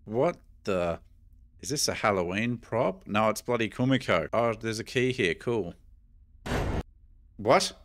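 A middle-aged Australian gaming YouTuber plays a horror game, giving chatty, jumpy commentary and talking to his viewers. His lowish voice runs at normal speed with hardly any pauses.

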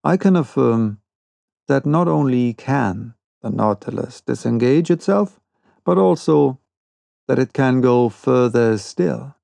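A man reading the part of a stern, proud older sea captain in an audiobook, with a cold, quiet and ironic manner. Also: mid-range voice, expressive, takes it slowly, gravelly, no echo, heavily acted.

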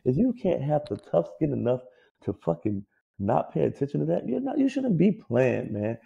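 Gravelly deep-toned man on a podcast. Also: normal speed, highs cut off. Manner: profane, animated, mocks players in put-on whiny voices. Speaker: podcast co-host, former pro ball player. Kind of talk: casual sports opinion talk.

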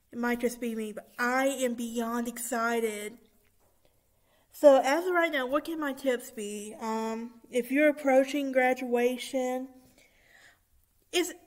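A young woman in her twenties talking casually and excitedly to her viewers, with many fillers, recording in a church room. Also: fairly high pitch. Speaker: vlogger. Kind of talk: casual vlog chat.

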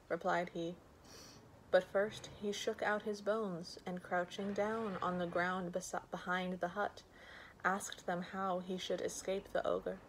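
A woman reading a fairy tale aloud as a bedtime story, gentle and unhurried. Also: fairly low pitch, level tone, a little hiss or hum, low-quality recording.

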